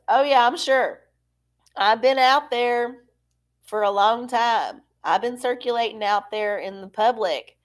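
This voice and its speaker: A woman hosting a live stream, rambling and self-deprecating in casual chat with her viewers. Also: medium pitch. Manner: rambling, chatty, self-deprecating, frequent laughs. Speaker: livestream host.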